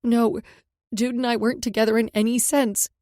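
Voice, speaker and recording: A woman voicing a tearful young woman confessing to her mother, speaking haltingly. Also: a little high, level tone, darkish tone, dry recording, clean studio sound, lightly acted. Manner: emotional, halting.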